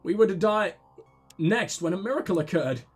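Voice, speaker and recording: A man reading the lines of a soft-spoken young widow in his own voice. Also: sits high, moderate pace, slightly rough, faint music behind. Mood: sorrowful. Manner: plain dialogue-reading.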